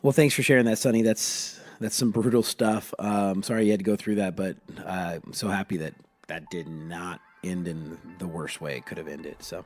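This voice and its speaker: Low-voiced podcast host man, dry. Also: fairly even intonation, moderate pace, hardly any pauses, no room sound, faint music behind. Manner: supportive, reacts with short exclamations. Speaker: podcast co-host, youth pastor. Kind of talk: casual podcast hosting.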